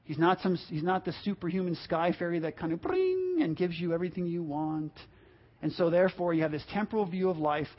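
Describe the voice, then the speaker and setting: A man's voice: high-pitched, lively intonation, a little fast. A pastor delivering an impassioned sermon, repeating words and acting out the complaints he quotes, heard on a dull lo-fi recording.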